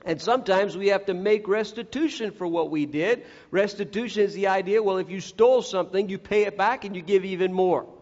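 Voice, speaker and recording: In an echoey hall, on a dull lo-fi recording, a man with a high, darkish voice delivers a sermon at a brisk pace. He is earnest and direct, performing the voices of the people he quotes.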